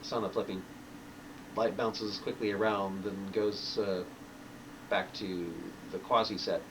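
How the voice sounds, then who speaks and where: A man narrates his own novel in a low, quiet voice, pausing and restarting now and then. He sits some way from the mic. A faint hiss stays under the recording. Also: level tone, far from the mic. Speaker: author reading his novel. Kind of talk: reading a novel aloud.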